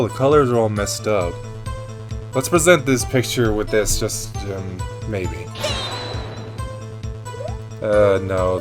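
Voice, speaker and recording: A man playing a fan-made game mod, thinking aloud as he reads the case. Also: on the low side. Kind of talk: game commentary.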